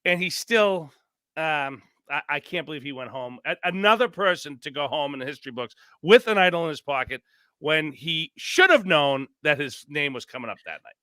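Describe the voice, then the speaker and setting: A man telling stories on a podcast as a guest, animated and rambling, acting out quotes. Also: fairly high pitch, normal speed, no echo, studio quality. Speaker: podcast guest, former contestant. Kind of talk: casual storytelling chat.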